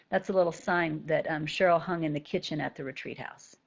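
A woman's voice: fairly low pitch, a little fast, vocal fry, few pauses, lo-fi sound. A woman spiritual teacher talking conversationally to a group of students and often checking in with "right?".

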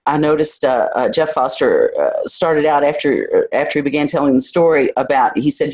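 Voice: medium pitch, animated, a little mellow. Hesitant, searching spiritual teacher. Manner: hesitant and searching, pausing to gather thoughts; candid and self-reflective, with light self-deprecating humor. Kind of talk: reflective spiritual talk to a group.

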